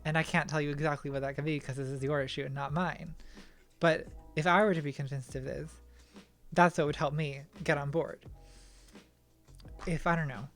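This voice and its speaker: A woman's voice: low voice, fairly even intonation, moderate pace, long pauses, soft background music. A woman answering viewer questions on a casual livestream, thinking aloud with a self-deprecating manner and frequent restarts, at a home streaming setup.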